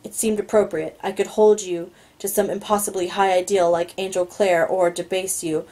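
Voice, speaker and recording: Female amateur reader with a mellow voice, mid-range pitch, reading fiction who trips over words and breaks in with asides. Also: little pitch movement, moderate pace, few pauses, poor audio. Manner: stumbles on words, adds asides. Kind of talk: reading a novel aloud.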